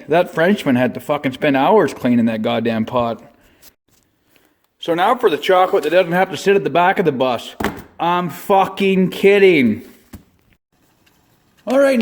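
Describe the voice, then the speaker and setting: A man's voice: fairly high pitch, animated, normal speed, slight background noise. Foul-mouthed guy, mock how-to. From Canada. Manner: crude, swears constantly, mock-serious how-to delivery. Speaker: comedy vlog host. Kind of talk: profane deadpan comedy monologue. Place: shop or garage.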